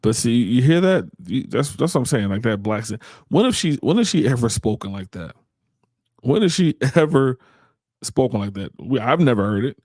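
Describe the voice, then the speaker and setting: A man gives fired-up podcast commentary in a blunt, indignant tone, tripping over and repeating his words as he thinks. His voice sits at an ordinary middle pitch. The sound is dry and close, with no room echo. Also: very animated, normal speed, darkish tone. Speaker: podcast host. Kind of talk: opinion commentary.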